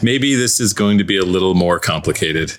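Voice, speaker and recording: A man hosting a podcast, reading stage directions and then signing off in a relaxed, conversational way. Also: low voice, brisk, slight background noise. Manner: relaxed, conversational, some restarts. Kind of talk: scripted narration and podcast sign-off.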